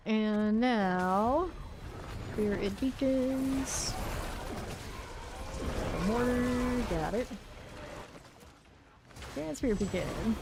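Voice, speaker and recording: A woman's voice: fairly high pitch, extremely slow, creaky, pauses often, noisy background. A young woman streaming a game, chatting casually with viewers, answering chat and laughing easily while she plays.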